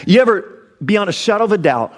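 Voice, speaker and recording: Male pastor preaching a sermon; high-pitched voice, emphatic, halting restarts. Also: expressive.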